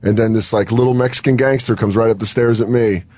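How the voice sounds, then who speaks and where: A young man telling a wild story on a radio show, animated and quick to act out other people's lines. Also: fairly low pitch, dry recording, studio quality. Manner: animated storyteller, acts out quotes, laughs often. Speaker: comedian guest. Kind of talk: casual radio show chat.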